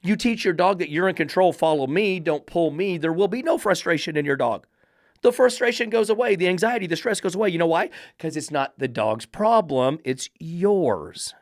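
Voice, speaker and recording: A man's voice: a little high, expressive, moderate pace, few pauses, dry recording, studio quality. A man who trains dogs and hosts a podcast, ranting in a blunt, profane, emphatic monologue. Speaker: dog trainer and podcast host.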